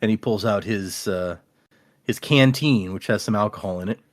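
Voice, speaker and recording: A man with a lowish voice and moderate pace co-hosts a casual podcast book chat. He rambles through a recap of the chapters, acting out the quotes as he goes.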